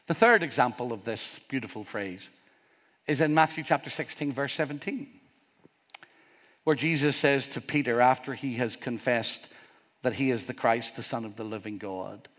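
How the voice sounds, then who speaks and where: A man's voice: mid-range voice, normal speed, fairly bright tone. A middle-aged man preaching a sermon as pastor, earnest and openly vulnerable, rising to emphatic peaks. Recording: long hall reverb.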